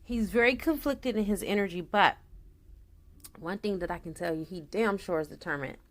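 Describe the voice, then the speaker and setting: A woman reading tarot for her viewers, a naturopath who talks in an excitable, chatty way straight to the audience and slips into a solemn tone for invocations. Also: mid-range voice, moderate pace. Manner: solemn invocation voice when calling spirits.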